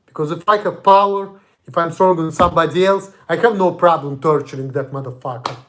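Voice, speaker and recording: A man's voice: fairly high pitch, fairly quick, a bit bright. A young man from Russia with a Russian accent, ranting angrily and profanely in a confrontational monologue. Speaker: vlogger. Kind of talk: angry monologue.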